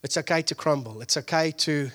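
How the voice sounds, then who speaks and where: A pastor preaching a conversational sermon, moving from hushed asides to loud, excited peaks and acting out the people he quotes. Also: on the high side, brisk.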